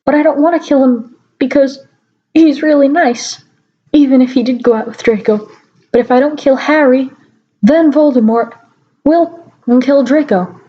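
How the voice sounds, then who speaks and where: A woman's voice: high voice, moderate pace, close to an everyday voice. A woman voicing a melodramatic teenage goth girl, overwrought and whiny, on a lo-fi home recording.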